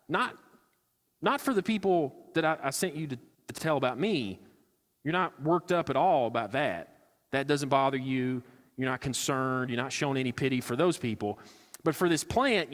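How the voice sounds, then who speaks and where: A preacher, a man, voicing a patient, fatherly God who speaks with gentle sarcasm. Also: mid-range voice, in a large hall. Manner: sarcastic, coaxing.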